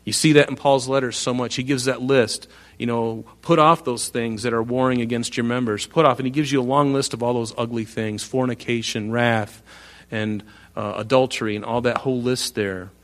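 A man's voice: mid-range voice, fairly even intonation, moderate pace. A male pastor delivering a sermon, reading Bible verses aloud and explaining them with earnest emphasis. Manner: earnest, emphatic, reads scripture aloud with rising force.

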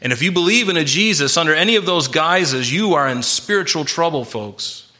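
A man's voice: on the high side, lively intonation, brisk, sharp tone. A man preaching a sermon, earnest and emphatic, with frequent restarts and repeated words. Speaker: pastor.

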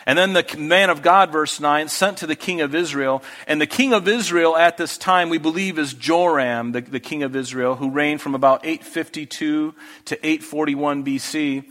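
A male pastor teaching through scripture in a relaxed, chatty way, now and then slipping into quick voices for the people in the story. His voice sits a little higher than most men's, and it carries a long hall reverb from the church room. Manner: conversational, acts out biblical characters in casual voices. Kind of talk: expository Bible teaching.

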